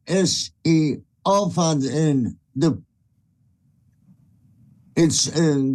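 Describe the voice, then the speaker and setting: A male teacher with a slightly raised pitch talks slowly as he stops the class to point out an error. He corrects the pronunciation gently and then lets the lesson go on. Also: animated, poor audio.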